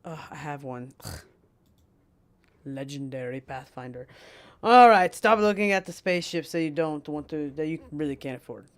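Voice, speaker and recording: A woman's voice: sits low, lively intonation, normal speed. A woman streamer voicing a scheming female poison witch who tells fortunes, rambling and playfully mean in character. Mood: coveting. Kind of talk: in-character livestream role-play.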